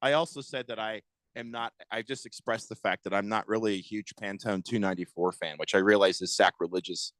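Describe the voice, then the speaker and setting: A man hosting sports talk radio banter in a studio, chatty and quick to interrupt and correct his co-hosts. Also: lowish voice, steady tone, a bit bright, no echo, rough recording.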